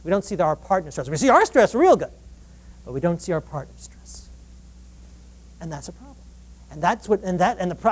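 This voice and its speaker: A woman giving a lively public lecture on relationships. She acts out quoted dialogue and often restarts her sentences. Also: medium pitch. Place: live event before an audience.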